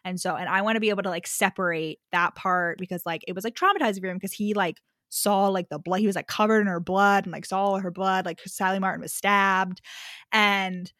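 A woman's voice: mid-range voice, fairly even intonation, brisk, fairly bright tone, no room sound, clean studio sound. A young woman co-hosting a casual book chat, rambling with lots of "like" and acting out characters' lines. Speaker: podcast co-host.

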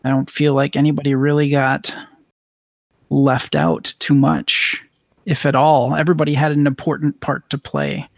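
A man co-hosting a casual podcast roundtable, relaxed and hesitant, filling pauses with um and you know. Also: mid-range voice, no room sound. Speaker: podcast co-host.

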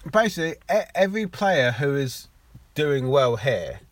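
Brief: young English male co-host, casual sweary banter, stumbles over his words, mid pitch. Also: big pitch swings, normal speed, no room sound. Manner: sweary, stammering restarts. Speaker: podcast co-host. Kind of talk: casual chat.

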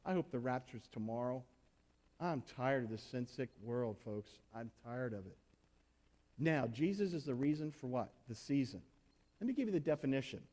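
A man's voice: medium pitch, animated, normal speed, darkish tone. A man preaching a sermon in a conversational, emphatic way, asking the congregation rhetorical questions. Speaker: pastor.

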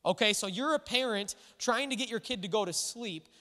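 A man preaching a sermon in a casual, animated way, full of asides to his listeners. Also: high voice, normal speed. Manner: conversational, animated, full of "like" and "all right". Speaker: pastor. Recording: echoey hall.

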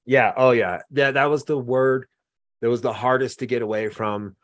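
A man telling stories in a relaxed conversational way, with frequent fillers. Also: medium pitch, moderate pace, dry recording. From American West. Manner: relaxed storytelling, many fillers. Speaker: guest. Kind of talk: casual conversation.

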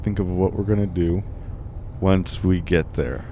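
A man co-hosting a casual comedy podcast, talking in a deadpan way and steering the improvised bit. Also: deep voice, a little slow, noisy background. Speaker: podcast co-host.

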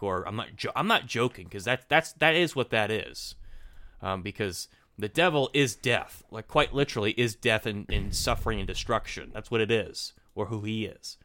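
Podcast co-host, male, bright forceful tone, casual ranting delivery. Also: on the low side. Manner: animated, repeats and restarts words. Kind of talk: casual opinion chat.

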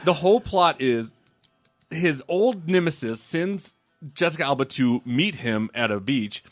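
A man's voice: fairly high pitch, animated, unhurried, no room sound, soft background music. A man who is a film critic, telling a profane story in casual podcast chat and laughing through it.

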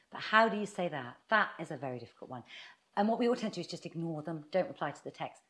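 A woman talking through her advice with a lot of melody in her voice, sitting a little low in pitch. She keeps slipping into quick acted-out bits of dialogue as she explains. It sounds like an easy, friendly interview chat. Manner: animated, acts out little quoted exchanges. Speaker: author and guest.

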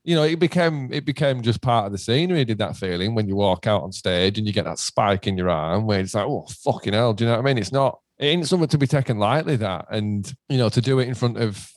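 A man, chatting casually about a hometown gig. He swears a lot and acts out quoted lines with big jumps in pitch. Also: fast, hardly any pauses, dry recording. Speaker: band member. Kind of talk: casual chat, heavy swearing.

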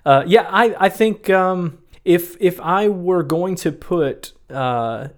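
A man's voice: sits high, takes it slowly. Rambling man co-hosting a casual podcast. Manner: rambling, self-correcting, laughs often. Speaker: podcast co-host. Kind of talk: casual chat about board games.

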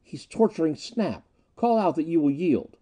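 A man voicing a disguised young woman, soft and pleading. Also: a little high, sing-song, moderate pace, pitched above the performer's own voice. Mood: urgent hushed.

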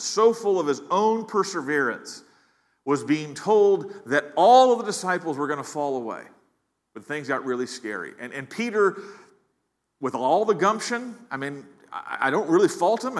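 Earnest preacher in a reverberant hall. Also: male voice, a little high, big pitch swings, moderate pace. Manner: earnest, repeats words when building emphasis. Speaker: pastor. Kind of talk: sermon.

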